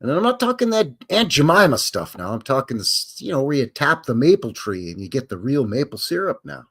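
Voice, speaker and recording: Chatty man with lively pitch. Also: husky. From Canada. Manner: chatty, jokey, rambling with quick asides. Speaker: host. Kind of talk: live-stream chat reading viewer questions.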